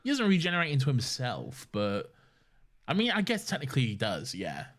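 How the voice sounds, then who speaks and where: A man's voice: medium pitch, wildly swooping pitch, fairly quick, a bit bright. A male podcast co-host in easy, casual chat, his voice moving freely up and down. He rambles, backs up and restarts his thoughts as he goes. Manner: rambling, restarts often, laughs a lot.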